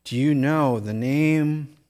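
A middle-aged man preaching a sermon as pastor, telling a story in a lively way and acting out the voices in it. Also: slow pace. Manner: animated storytelling, rising to excited high-pitched re-enactments.

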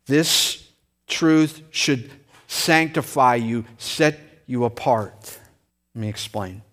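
A middle-aged man preaching a sermon as pastor, telling a story in a lively way and acting out the voices in it. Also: takes it slowly. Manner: animated storytelling, rising to excited high-pitched re-enactments.

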